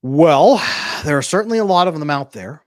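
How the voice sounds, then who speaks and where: A relationship coach hosts a live Q&A from a home room with a bookshelf behind him, casually reading and answering viewer comments. He jokes a lot and laughs easily, his expressive, fairly high voice captured in clean studio sound with no echo.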